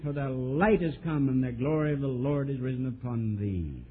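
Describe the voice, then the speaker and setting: A man preaching a sermon, telling a story and swinging from soft, low asides to emphatic, raised lines. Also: lively intonation, moderate pace, hardly any pauses, slight background noise. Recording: old tinny lo-fi sermon tape.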